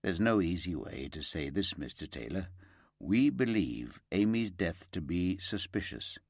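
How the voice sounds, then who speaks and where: A man voicing a calm detective sergeant who breaks bad news in a measured, gentle way. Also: low-pitched, no echo, clean studio sound, exaggerated voice. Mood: grave.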